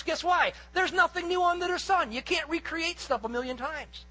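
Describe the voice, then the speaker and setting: A pastor preaching a sermon to his congregation, earnest and emphatic, swinging between loud peaks and quiet asides. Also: extremely high pitch, animated, a little fast, few pauses, poor audio.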